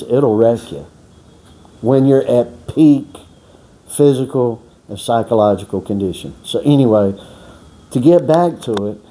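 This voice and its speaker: A medium-pitched, mellow male voice spins a long, rambling yarn for a boxing workout channel. The delivery is relaxed, folksy and full of profanity, with frequent restarts and acted-out quotes from other people.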